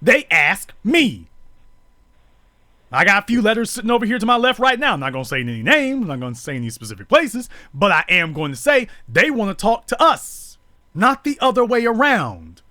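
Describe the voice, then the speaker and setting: A man with a high, bright voice delivers a fiery live monologue. His pitch swings widely as he hammers each point home in repetitive, preachy build-ups. The sound is close and dry. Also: very animated, moderate pace, no echo. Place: streamed live.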